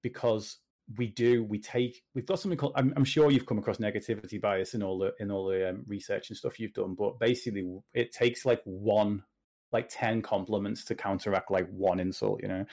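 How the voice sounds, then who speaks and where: A British man with a lowish voice, chatting as a guest in a relaxed interview. He talks in an animated way, full of jokey asides. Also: brisk. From Britain. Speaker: podcast guest, confidence coach. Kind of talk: casual interview chat.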